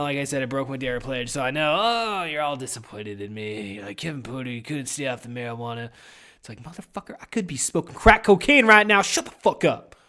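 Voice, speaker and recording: A man's voice: medium pitch, fairly bright tone. A young man hosting a podcast in casual, rambling solo chat, swearing constantly and getting over a head cold. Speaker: podcast host.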